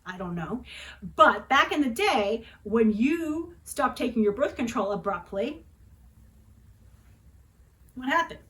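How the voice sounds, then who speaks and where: A woman's voice: on the high side, lively intonation, slow, long pauses, a bit bright, rough recording. A woman in her forties telling a personal story in a dramatic, chatty way, often adding tag questions. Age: 40s. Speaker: vlogger.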